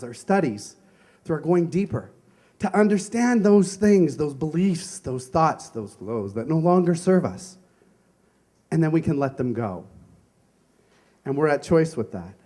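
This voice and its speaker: This is a high-pitched, warm-toned man preaching on a Sunday. He talks conversationally as a minister, weaving in stories from his own life and rhetorical questions.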